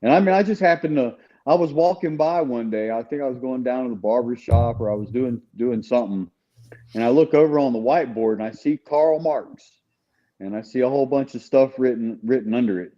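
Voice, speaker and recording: A man's voice: mid-range voice, a little fast, dark tone, dull audio. A man speaking as a guest in a casual conversation, recounting his experiences in an earnest, candid way. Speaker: guest telling his story.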